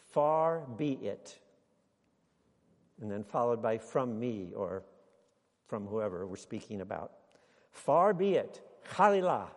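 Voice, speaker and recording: A man preaching a sermon to a congregation, speaking deliberately and building to emphatic exclamations. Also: mid-range voice, darkish tone, big-room sound. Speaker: pastor.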